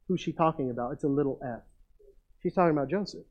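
A man preaching a sermon as a pastor, asking his listeners questions and retelling a story with lively swings between quiet asides and loud, excited passages. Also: mid-range voice, normal speed, muffled recording. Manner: asks the congregation rhetorical questions.

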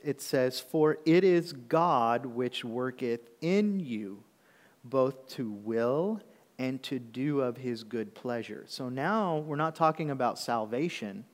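A man preaching a sermon as pastor, talking conversationally and checking in with the congregation often. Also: medium pitch. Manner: conversational preaching with frequent "okay?" check-ins. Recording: long hall reverb.

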